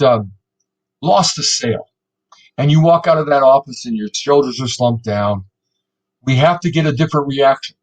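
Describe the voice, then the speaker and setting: A man's voice: medium pitch, rough recording. A man giving a live online presentation, telling stories with energy and acting out quotes. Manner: energetic, animated storytelling with acted-out quotes.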